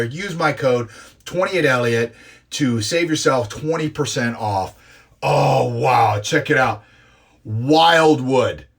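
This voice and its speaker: A man in his forties chatting excitedly through an impromptu live unboxing, gushing and talking with many fillers. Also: medium pitch. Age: 40s. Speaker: live streamer unboxing grooming products.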